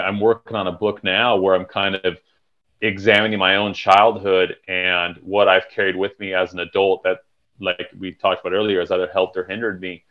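A man talking candidly and reflectively in a podcast conversation, swearing casually. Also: sits low. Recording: dull lo-fi recording.

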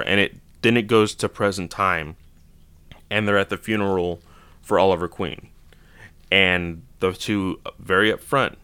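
A man with a very low, clear voice talks through a comic storyline in a loose, enthusiastic way. His tone is bright and forward, and the sound is dry and close. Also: dry recording. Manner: enthusiastic, loosely retells scenes with quoted lines. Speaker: comic book reviewer. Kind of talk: casual recap.

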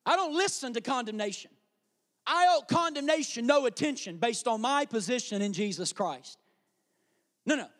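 A male pastor preaching a sermon, animated and conversational, acting out little scenes for the congregation. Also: extremely high pitch, normal speed, in a large hall.

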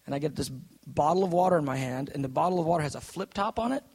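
A middle-aged man preaching a sermon, moving from an earnest prayer into a lively personal story, intense and direct. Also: a little high, racing. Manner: intense, earnest, quotes others in put-on voices.

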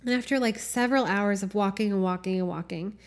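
A woman's voice: mid-range voice, fast talker. A woman hosting a solo podcast, reflecting aloud in a casual, candid way, swearing and laughing often with lots of fillers. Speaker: podcast host.

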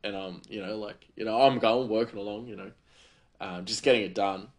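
A man's voice: fairly low pitch, steady tone, a little fast. A man hosting a podcast, telling stories in a chatty, rambling way full of fillers. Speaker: podcast host. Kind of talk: casual storytelling.

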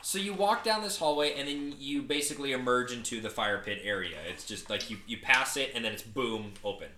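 A man's voice: medium pitch, fairly quick, sharp tone, echoey room, a little hiss or hum. A man in his twenties telling a story in a casual podcast chat, joking, swearing and acting out quotes.

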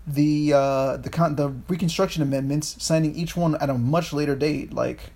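Man, casual podcast talk, rambling, swearing, slightly high voice. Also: fairly even intonation, normal speed, a little mellow. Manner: rambling, swears, restarts often. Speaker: podcast co-host. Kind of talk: casual history chat.

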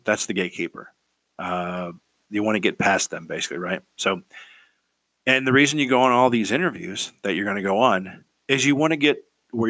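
A man talks through career advice in a loose, rambling monologue. His voice sits low, and he keeps repeating himself and tossing in "right?" to check in with the listener. The recording is dry, with no room sound. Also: a bit bright, dry recording.

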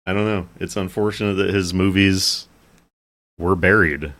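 A man with a very deep voice co-hosting a podcast in relaxed casual chat. He rambles through his thoughts and breaks into laughter often. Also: normal speed. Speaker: podcast co-host.

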